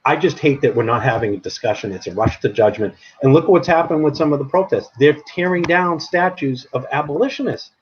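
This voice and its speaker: A man co-hosting a casual podcast chat, opinionated and animated, laughing often. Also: a little high, a little fast, few pauses, husky. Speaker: podcast co-host. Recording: dull lo-fi sound with faint noise.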